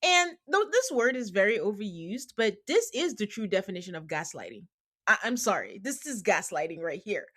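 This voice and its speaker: Talking at a moderate pace in a mid-range voice, a woman hosts a podcast recapping a reality show. Her delivery is lively; she impersonates the people she quotes with put-on voices and calls her audience "guys."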